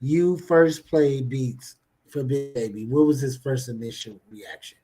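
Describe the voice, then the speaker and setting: A man hosting a casual podcast, asking quick questions with restarts. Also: medium pitch, dark tone, husky. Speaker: podcast host. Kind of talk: casual interview.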